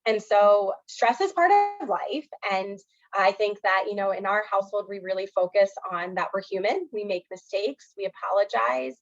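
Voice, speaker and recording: Woman, counselor, earnest talk, lots of "um" fillers, mid-pitched voice, dull lo-fi audio. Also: moderate pace. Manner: earnest, filler-heavy, often says "um" and "you know". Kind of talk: educational presentation.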